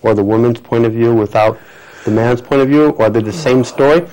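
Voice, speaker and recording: A male interviewer on a local access television show, with a voice of middling pitch. He asks long, loosely built questions, stopping and starting as he looks for his words. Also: warm tone, low-quality recording. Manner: halting, rambling questions with many restarts. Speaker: interviewer host.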